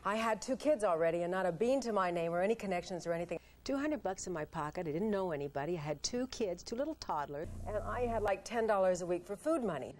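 A woman's voice: on the low side, fast talker, few pauses. An older woman in a casual interview, telling stories and acting out past conversations. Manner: animated storytelling, acts out past dialogue.

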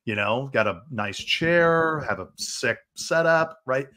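A man's voice: mid-range voice, expressive, slow pace, a crowd in the background. A man speaking as a podcast guest in casual chat, talking with emphatic enthusiasm.

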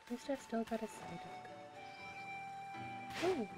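A woman streaming a game, chatty, excitable and self-mocking as she comments casually. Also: fairly high pitch, a little slow. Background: game music.

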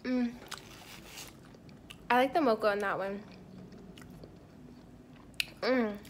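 A tired, irritated travel vlogger who isn't from Hawaii speaks slowly in a slightly high, steady voice, with a touch of hiss or hum. She talks casually and candidly to the camera, pausing to taste food, filming from a hotel room and while on the move.

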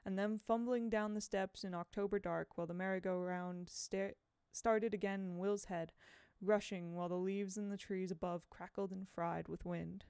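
Smooth-voiced woman reading a novel. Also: mid-range voice, no echo, studio quality. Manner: measured, expressive. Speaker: audiobook reader.

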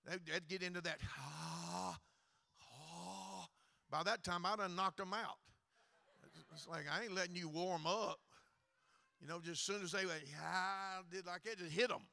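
Gravelly high-voiced Southern preacher. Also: male voice, fairly even intonation, normal speed. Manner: folksy, joking, rising to loud preaching. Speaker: guest preacher. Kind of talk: Pentecostal revival sermon with storytelling.

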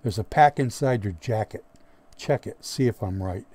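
A man voicing a hard-nosed, moody male squad leader in an audiobook, gruff and menacing, with sudden roaring outbursts. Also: lowish voice, normal speed, dark tone, close to an everyday voice. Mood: cold. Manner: gruff, menacing, erupts into roars. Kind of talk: audiobook character voice.

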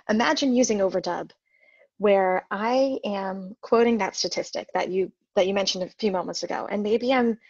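A woman guest on an interview podcast, explaining technical ideas in a clear, methodical way with the odd restart. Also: medium pitch, no echo. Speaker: guest, marketing manager. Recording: dull dry lo-fi sound.

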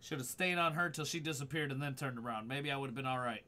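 A man's voice: mid-range voice, steady tone, fast talker, bright, forceful tone. A man streaming a horror game live, swearing freely, startling easily and talking back to his chat. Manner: profane, jumpy, talks back to chat. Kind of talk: live gaming stream commentary. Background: game music.

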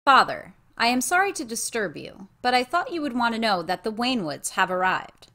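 A woman's voice: fairly high pitch, big pitch swings, moderate pace, pushed and bright, exaggerated voice. A woman voicing a proud, guarded young noblewoman who speaks with cool courtesy. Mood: courteous.

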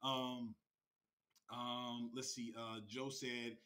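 Bright-voiced rambling livestream host. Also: male voice, mid-range voice, little pitch movement, drawn-out words. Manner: loose, rambling, slangy, with many fillers and restarts. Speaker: crypto channel host. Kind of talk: casual livestream chat, reading viewer comments.

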